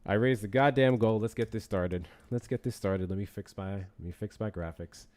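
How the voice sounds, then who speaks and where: Low-voiced man hosting a profane livestream. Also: moderate pace, a little mellow. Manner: profane, joking, reads out donations. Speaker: livestream host. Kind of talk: casual livestream chat.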